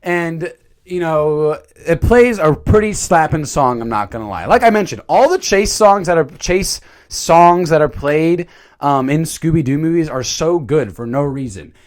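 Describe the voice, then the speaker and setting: A man's voice: fairly high pitch, measured pace. A man reviewing a movie in a casual, jokey commentary. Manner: animated, jokey, slips into silly voices.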